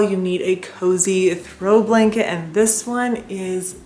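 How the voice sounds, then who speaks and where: A woman's voice: medium pitch, measured pace, hardly any pauses, a little mellow, faint music behind. A woman vlogger in her thirties, gushing enthusiastically as she shows off home decor around her house. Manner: gushing, enthusiastic, lots of "beautiful" and fillers. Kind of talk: casual sponsored home decor vlog. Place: at home, porch and indoors.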